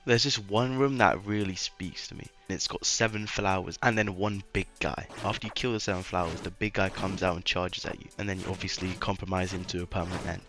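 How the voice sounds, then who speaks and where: A man's voice: low voice, fairly even intonation, a little fast, few pauses, music in the background. A man doing a casual, rambling voice-over commentary on a video game, sarcastic and trailing off into mumbles at times.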